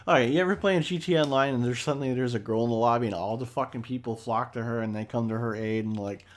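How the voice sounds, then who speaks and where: A man's voice: medium pitch, quick pace, few pauses. A man co-hosting a podcast in casual chat, rambling, joking and swearing freely. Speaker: podcast co-host.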